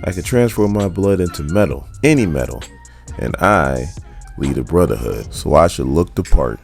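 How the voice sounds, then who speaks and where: A man's voice: a bass voice, expressive, normal speed, vocal fry, soft background music, heavily acted. A man playing a blunt, grim rebel leader. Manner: blunt, terse.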